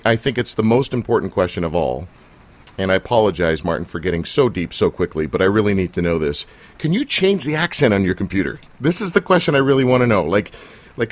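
A man hosting a casual interview, teasing his guest in a jokey, rambling way with plenty of fillers. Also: mid-range voice. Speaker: interviewer and show host.

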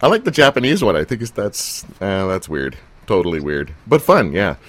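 A man with a fairly low voice hosts a casual, joking interview. He rambles, teases his guest and pads his questions with fillers and asides. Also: huge pitch swings, moderate pace, a bit bright. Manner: jokey, teasing, with fillers and laughs. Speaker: interviewer and show host.

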